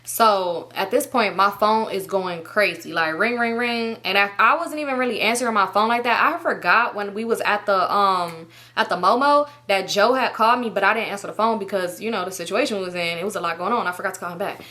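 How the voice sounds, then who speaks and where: A woman's voice: medium pitch, brisk, hardly any pauses, pushed and bright. A woman in her twenties telling a storytime, casual and laughing, with plenty of swearing. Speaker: YouTuber. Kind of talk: storytime vlog.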